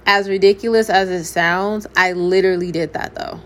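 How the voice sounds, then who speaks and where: A woman's voice: on the low side, steady tone, normal speed. A young adult woman gives a candid, preachy faith testimony, speaking straight to her viewers in a casual way. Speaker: faith vlogger. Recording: faint background noise.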